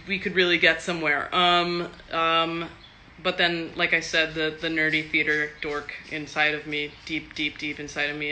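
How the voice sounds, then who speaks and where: A woman's voice: sits low, pushed and bright, a little hiss or hum. A woman from Texas, an actor, answering fan questions in a loose, chatty live stream, swearing freely and laughing often. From Texas, USA.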